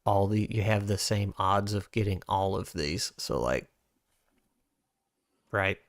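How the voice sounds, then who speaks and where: A man's voice: sits low, animated, takes it slowly, no room sound, clean studio sound. A man streaming as host, thinking aloud in a loose, rambling way while working through tabletop game rules. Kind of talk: casual livestream chat.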